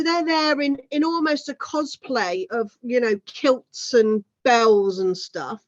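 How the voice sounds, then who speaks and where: A talkative woman in her thirties speaks as an interview guest. She talks in a fairly high voice and fills her points with "you know" asides. Her sound comes through dull and lo-fi, like an online call. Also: takes it slowly, few pauses. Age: 30s. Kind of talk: casual conversation.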